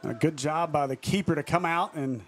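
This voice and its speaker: A man's voice: on the high side, moderate pace, a faint crowd, slight background noise. Laughing, jokey male sports commentator. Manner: jokey, laughs often between calls. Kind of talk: live soccer commentary. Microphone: broadcast headset.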